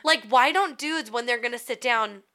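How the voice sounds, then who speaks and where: Bright animated woman storyteller. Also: a little high, normal speed. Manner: animated storytelling, crude jokes, swearing. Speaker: podcast co-host. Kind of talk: casual chat.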